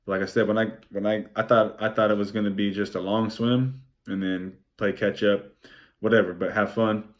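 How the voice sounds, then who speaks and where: A young man recapping his race in a vlog, excited and rambling, swearing freely and saying "like" often. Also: on the low side, moderate pace. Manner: excited, rambling, swears a lot, many "like" fillers. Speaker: vlogger.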